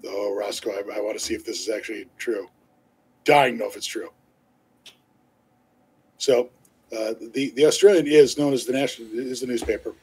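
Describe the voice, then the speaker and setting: Husky, rambling male stream co-host. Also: mid-range voice, steady tone, moderate pace, pauses often, a little mellow, poor audio. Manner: rambling storyteller, many fillers and restarts; laughs easily while talking. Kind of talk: casual chat on a live stream.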